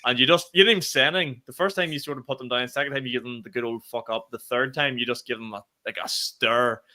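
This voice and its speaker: A young Northern Irish man and comedian co-hosting a podcast, telling stories in casual chat with quick swearing asides. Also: mid-range voice, fairly even intonation, bright, forceful tone. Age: young adult. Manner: quick storytelling with swearing and fillers.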